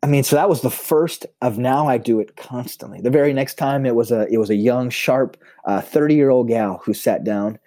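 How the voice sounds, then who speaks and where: A man, a pastor, telling personal stories in a relaxed conversation. He restarts his phrases often. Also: normal speed, hardly any pauses, no echo. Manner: lively storyteller who restarts his phrases; self-described high extrovert. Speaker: pastor and podcast guest. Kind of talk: personal storytelling in casual conversation.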